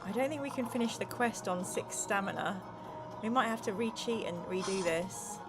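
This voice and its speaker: A woman's voice: mid-range voice, normal speed, music in the background. A woman hosting a casual gamebook playthrough, reading viewer comments aloud in a playful tone and narrating the story with dramatic flair. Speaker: host playing a gamebook. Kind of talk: casual game playthrough chat.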